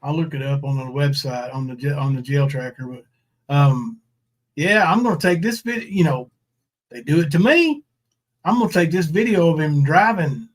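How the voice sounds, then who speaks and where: A man's voice: a little high, expressive, normal speed. A man hosting a livestream, talking in a rambling, sarcastic, coarse way. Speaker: livestream host. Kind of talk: casual livestream commentary.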